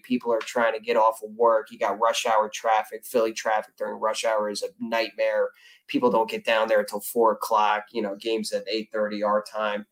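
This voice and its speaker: An American man talking as a podcast guest in a casual chat, animated and loud about his team. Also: on the low side, low-quality recording. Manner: animated, loud fan talk.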